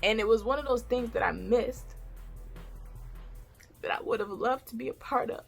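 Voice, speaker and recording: A woman's voice: on the high side, moderate pace, vocal fry, slightly rough, faint music behind. A woman vlogger in her thirties telling a candid, heartfelt personal story, tearful at times. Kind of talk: emotional personal story time.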